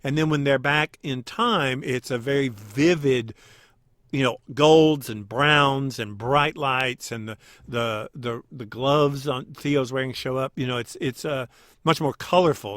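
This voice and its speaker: A man co-hosting a podcast, chatting casually as he recaps scenes and acts out quick quoted lines. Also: mid-range voice, fairly bright tone, no echo, clean studio sound. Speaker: podcast co-host.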